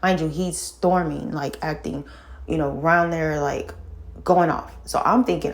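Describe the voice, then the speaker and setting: A middle-aged woman telling a painful personal story in casual talk, halting and full of fillers and restarts, sighing and shaken. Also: sits low, steady tone, gravelly. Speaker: vlogger telling her own story.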